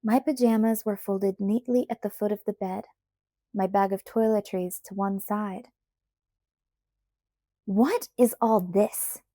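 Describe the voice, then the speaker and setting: A woman reading a novel aloud in the first person, with measured, even storytelling on a close mic. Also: medium pitch, no room sound. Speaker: audiobook reader.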